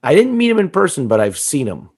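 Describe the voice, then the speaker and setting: A man with a deep, gravelly voice chats loosely on a comedy podcast. He swears constantly and riffs from one bit to the next. His delivery is crude and loose. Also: huge pitch swings, fast, darkish tone. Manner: crude, swearing, riffing with laughs. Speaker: podcast co-host. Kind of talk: casual comedy podcast chat.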